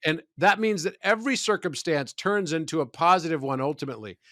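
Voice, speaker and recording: A man's voice: on the high side, animated, a bit bright, no echo. Dry-sounding man speaking philosophically. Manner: measured, storytelling, philosophical. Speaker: podcast guest. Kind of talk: reflective spiritual discussion.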